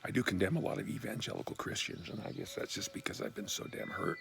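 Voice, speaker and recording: A man telling a personal story in an earnest, candid and heartfelt way, often dropping to a hushed half-whisper. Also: fairly low pitch, fast, creaky, noisy background.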